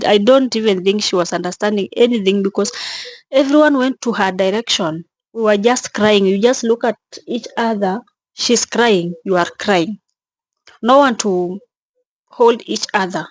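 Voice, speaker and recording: A young woman narrates a vlog, tearful and shaken, her words halting and circling back on themselves. She talks at a slow, heavy pace, with a pitch in the middle of the range. The sound is dry and close, with no room around it. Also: no echo. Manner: halting, repeating phrases, audibly shaken. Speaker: travel vlogger.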